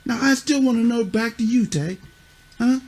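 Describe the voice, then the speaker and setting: A man's voice: extremely high pitch, normal speed, darkish tone. A middle-aged man acting as a youth mentor, lecturing children sternly and bluntly, cursing and pressing them with repeated questions. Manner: scolding, repeats "huh?" and "you see what I'm saying"; blunt, curses.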